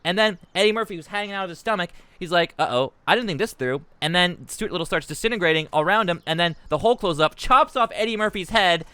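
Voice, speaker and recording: A man streaming a game and telling a long, rambling, profane comic story with animated asides. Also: high-pitched, fast talker, few pauses, smooth, no room sound.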